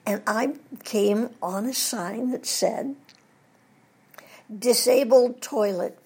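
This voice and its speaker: An older American woman being interviewed, telling lively stories from her long career and laughing often as she talks. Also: fairly high pitch, takes it slowly, gravelly, slight background noise. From United States. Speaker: guest, veteran voice actress. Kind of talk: casual interview storytelling.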